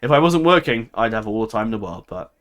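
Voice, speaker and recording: A man's voice: fairly low pitch, very animated, fast, fairly bright tone. A man giving casual game commentary, chatty and prone to laughing, thinking aloud and second-guessing himself as he goes. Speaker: gameplay commentator.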